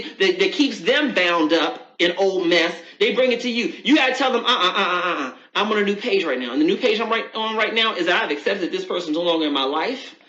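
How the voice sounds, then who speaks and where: A woman's voice: mid-range voice, a bit bright. Woman, advice host, emphatic and repetitive, echoey room, slightly muffled audio. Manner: emphatic, repeats key phrases, calls listener baby. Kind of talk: casual advice talk to viewers.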